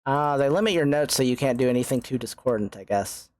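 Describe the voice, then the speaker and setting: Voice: medium pitch, lively intonation, fast talker, a little mellow, no room sound. A young adult game streamer in casual let's-play chat, self-mocking, often stammering and swearing. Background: faint game music.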